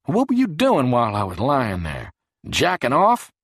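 A man's voice: mid-range voice, huge pitch swings, moderate pace, a bit bright, husky, dry recording, studio quality, voice pushed up, heavily acted. A man reading an audiobook, voicing a crude, sour man who mutters thickly. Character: sick, crude, grumbling man.

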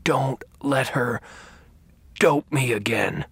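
A narrator voicing a dying older man in pain who speaks in a hoarse, weak whisper. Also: sits high, very animated, drawn-out words, pushed and bright, dry recording, pitched above the performer's own voice, heavily acted.

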